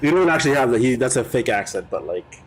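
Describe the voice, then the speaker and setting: A man's voice: medium pitch, lively intonation, quick pace, slight background noise, poor audio. Easygoing man telling a story. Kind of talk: casual chat on a game stream.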